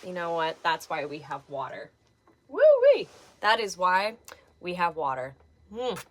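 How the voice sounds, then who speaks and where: Bubbly woman hosting a livestream, lively swoopy voice, greets folks by name. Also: low-pitched, moderate pace. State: slightly out of breath. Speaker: livestream host. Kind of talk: casual live-stream chat.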